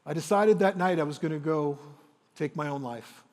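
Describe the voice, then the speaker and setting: A man in his fifties, telling a personal story on stage as a motivational speaker, dramatic and emotional with slow, weighty pauses. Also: fairly high pitch, in a large hall. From Windsor, Ontario, Canada.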